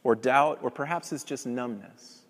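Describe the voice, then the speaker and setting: A man preaching a sermon as pastor, swelling loud and emphatic, then dropping soft and low. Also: moderate pace, gravelly. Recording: long reverb of a large hall.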